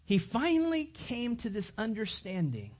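A pastor preaching a sermon to a congregation in a church, emphatic and animated, speaking straight to the listeners. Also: mid-range voice, normal speed, muffled recording.

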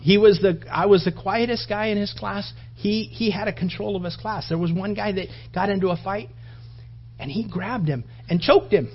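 A man preaching a sermon, telling animated stories with asides to the congregation. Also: sits high, normal speed, breathy edge, highs cut off.

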